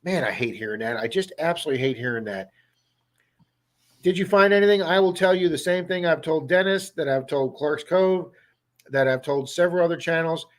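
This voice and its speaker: A man's voice: fairly high pitch, fairly quick. A man with a Baltimore accent hosting a casual livestream, chatting and answering viewers' comments by name. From Baltimore area, USA. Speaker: livestream host.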